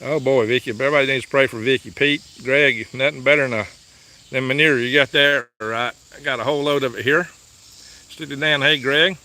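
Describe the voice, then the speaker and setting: A man's voice: mid-range voice, fairly even intonation, brisk, bright, forceful tone. A man, hosting a casual live vlog from his farm and reading viewer messages aloud in a chatty, folksy way. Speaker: livestream host. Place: outdoors on a farm, in and around a truck. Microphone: phone held by the speaker.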